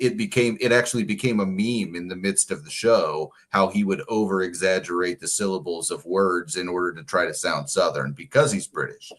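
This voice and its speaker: A man's voice: low voice, a bit bright. A man co-hosting a podcast, chatting casually about a TV show and rambling with frequent fillers and restarts. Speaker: podcast co-host.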